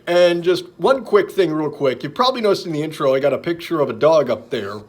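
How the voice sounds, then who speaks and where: Animated man telling jokes on a vlog. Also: fairly high pitch. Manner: halting, many fillers and restarts, chuckles at own jokes. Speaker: vlogger.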